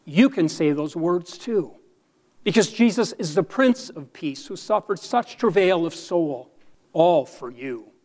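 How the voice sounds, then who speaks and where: A male pastor preaching a sermon in a church, earnest, with slow dramatic pauses. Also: fairly high pitch, animated, darkish tone.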